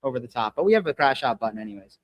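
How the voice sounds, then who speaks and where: A man telling stories in an animated, profane way during a casual live podcast chat, recorded at a gym. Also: medium pitch, rapid-fire, no room sound, highs cut off. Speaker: gym owner and regular co-host.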